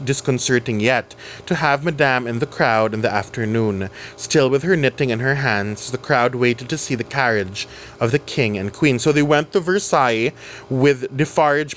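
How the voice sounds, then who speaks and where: Guy reading a book out loud, chatty asides, lots of ums, some faint noise behind. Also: mid-range voice. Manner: chatty asides with fillers and self-corrections. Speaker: reader and explainer of a novel. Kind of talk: reading a novel aloud with casual commentary.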